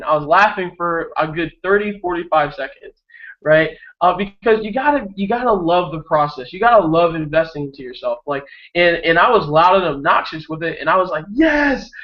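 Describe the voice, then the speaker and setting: A young man giving a motivational talk on a video hangout, energetic and repetitive, often tagging "right?" on his sentences. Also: a little high, muffled recording. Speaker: network marketing coach.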